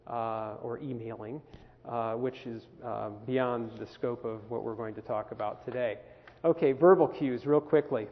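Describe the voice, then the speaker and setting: Man teaching in a reverberant hall. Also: medium pitch. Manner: conversational, asks the group questions. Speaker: workshop presenter. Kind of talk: talk to a camp group. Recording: phone-quality recording in a reverberant hall.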